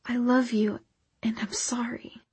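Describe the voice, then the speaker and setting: A woman voicing a young woman who speaks softly and caringly. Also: fairly high pitch, level tone, measured pace, breathy edge, full character voice. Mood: tender. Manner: soft, hushed, caring. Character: young woman, tender and worried.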